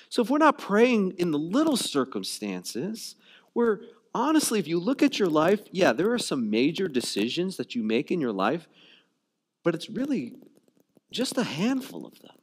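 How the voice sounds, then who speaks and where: In a sermon delivered conversationally, a pastor repeats words while searching for phrasing and leans on "you know" and "like." He speaks at a normal speed in a very animated, slightly high voice.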